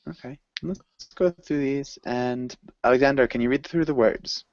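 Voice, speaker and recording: A man's voice: mid-range voice, normal speed, darkish tone, lo-fi sound, a little hiss or hum. A man teaching an English class, patient and encouraging as he explains pronunciation. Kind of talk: online group language lesson.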